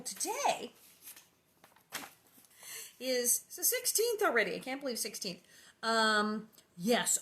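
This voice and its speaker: A chatty woman hosts a casual livestream from her living room, rambling through animated asides before reading a children's book aloud. Her voice sits at a middling pitch for a woman and is recorded close to the microphone. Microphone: livestream setup.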